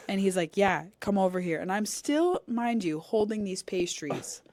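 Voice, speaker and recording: A young woman chats on a podcast, telling a story with animated energy and acting out each exchange. Her voice sits low for a woman. The sound is dry and close, with no room around it. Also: normal speed, no echo. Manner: animated, acts out quoted dialogue, cusses. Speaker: podcast co-host. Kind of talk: casual storytelling chat. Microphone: studio podcast mic.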